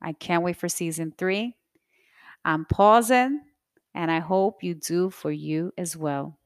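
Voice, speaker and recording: A woman in her thirties hosting her own podcast, talking in an earnest, motivational way with soft breathy asides. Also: on the low side, slow, no room sound, clean studio sound. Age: 30s. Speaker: podcast host. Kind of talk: reflective solo podcast talk.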